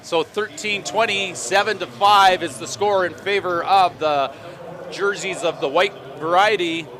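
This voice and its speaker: A man calling hockey play-by-play in a rapid running stream, with dry joking asides between plays. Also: high-pitched, steady tone, background noise. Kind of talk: play-by-play sports commentary.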